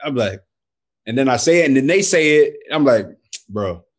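A man's voice: mid-range voice, expressive, fairly quick. A man with an American accent in a casual chat, laid-back and slang-heavy, joking and emphatic.

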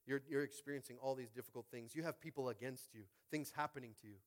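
A male pastor preaching a sermon in a church, talking casually and building to loud, shouted high points. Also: quick pace. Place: church sanctuary.

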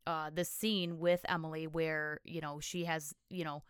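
A woman's voice: deep voice, level tone, measured pace, clean tone, no echo, clean studio sound. A woman co-hosting a podcast, chatting casually about a reality show and reading out listener comments. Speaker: podcast co-host.

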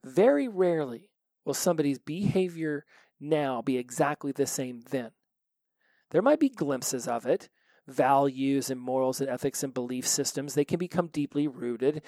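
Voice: medium pitch, dark tone, dry recording. Emphatic podcaster with a dry, close sound. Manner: emphatic, rhetorical, casually profane. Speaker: podcast host. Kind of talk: solo recovery podcast monologue.

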